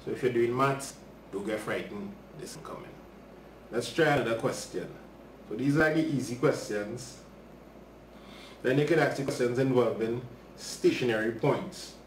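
A man's voice: mid-range voice, moderate pace, pauses often, far from the mic, slight background noise. A man teaching a live maths lesson, chatting casually with viewers as he works through problems. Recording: roomy livestream audio from off-mic.

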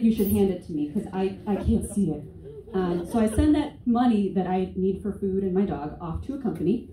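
A woman in her twenties performs a sarcastic, profane, conversational stand-up set on stage. Her voice is medium-pitched and brisk, with crowd noise, an echoey room, a distant mic, and faint noise.

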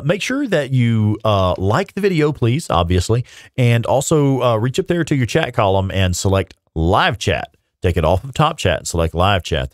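A man's voice: lowish voice, no echo, studio quality. A man hosting a casual gaming livestream while getting over a cold, laughing often and swearing freely. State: sick with a cold. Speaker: streamer host.

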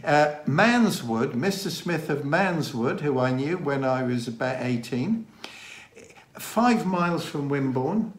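A man with a mild Dorset accent, co-hosting a casual chat in a measured, deliberate way. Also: a little high, animated. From England. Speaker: co-host. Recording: roomy echo.

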